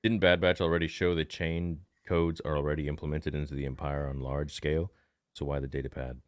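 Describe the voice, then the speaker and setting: Super deep dude reading chat on a livestream, chill and sweary, dry close sound. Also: male voice, flat delivery, a little fast, no room sound. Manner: loose, profane, upbeat chat reading. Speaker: co-host reading live chat.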